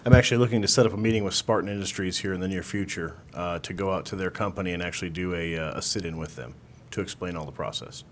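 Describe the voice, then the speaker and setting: Very deep-voiced man giving a council report. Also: fast, slight background noise. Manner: plain, steady report with frequent filler uhs. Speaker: city official reporting on an airline service.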